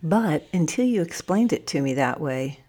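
Low-voiced woman telling a story. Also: lively intonation, normal speed, dark tone. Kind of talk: first-person story narration.

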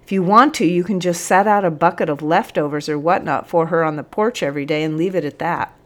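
A woman's voice: on the low side, a little fast, lightly acted. A woman voicing a weary, exasperated male jail captain in a spoken story. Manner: exasperated, groaning.

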